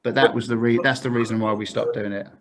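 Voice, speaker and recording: Chatty bloke telling stories. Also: male voice, fairly low pitch, steady tone, fast, noisy background. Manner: laddish, chatty, lots of fillers. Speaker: podcast guest. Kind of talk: casual storytelling.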